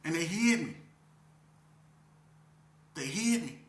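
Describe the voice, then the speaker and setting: A man telling an emotional story of his past as an interview guest, talking intensely in street slang and repeating himself, swinging from near shouts down to a low voice. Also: expressive, slow, echoey room. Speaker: interview guest recounting prison life.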